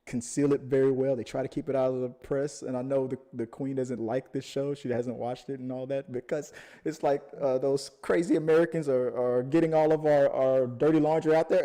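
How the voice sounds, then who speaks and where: A man's voice: medium pitch, a little fast. Guy co-hosting a podcast, laid back and jokey, laughs a lot. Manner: animated, jokey, laughs often. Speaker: podcast co-host. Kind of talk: casual chat.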